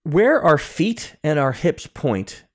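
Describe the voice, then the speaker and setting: A man's voice: fairly high pitch, very animated, takes it slowly. A man telling a personal story as a podcast guest, acting out dialogue with many restarts, recorded over a remote call. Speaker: guest, security consultant. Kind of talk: conversational storytelling.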